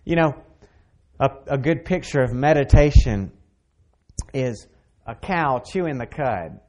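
Man, pastor preaching, earnest, emphatic, repeats phrases, loud then soft. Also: mid-range voice, expressive, a little slow. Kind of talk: sermon.

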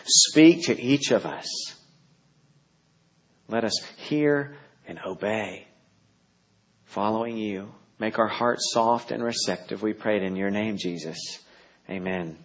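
A man preaching a sermon in a husky, somewhat breathy voice. He moves between quiet prayer and forceful scripture reading. The recording sounds dull and lo-fi. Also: lowish voice, a little slow. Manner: prays softly, then reads scripture with rising intensity. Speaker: pastor.

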